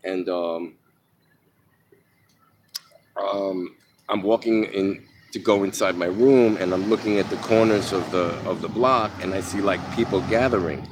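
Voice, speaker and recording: A man's voice: low-pitched, unhurried, long pauses, background noise. A man from New York telling his own life story in a loose, rambling way, full of fillers and casual swearing. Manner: rambling, many ums and restarts, swears freely. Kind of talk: casual spoken memoir.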